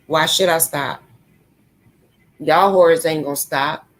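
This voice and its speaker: A woman's voice: deep voice, slow. A young woman vlogging a confrontational, profane rant, taunting and cursing at someone she calls out. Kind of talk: angry profane rant to camera.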